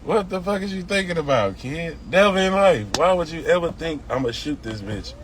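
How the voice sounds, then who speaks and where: A man's voice: fairly high pitch, lively intonation, moderate pace. A middle-aged man with a Houston accent ranting bluntly and profanely on a phone livestream. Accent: Southern US, Houston. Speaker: livestream host. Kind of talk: casual livestream rant. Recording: faint background noise.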